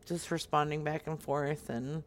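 A woman's voice: low-pitched, flat delivery, a little slow, a little hiss or hum. A woman streamer chatting casually and playing it straight on a prank call. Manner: casual, laughing, plays it straight on calls. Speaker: streamer making prank calls.

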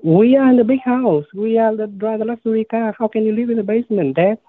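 A man's voice: sits high, a little fast, no room sound. A man putting on a pleading grown son who talks in broken, repetitive English as a prank caller on the phone. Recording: tinny phone line.

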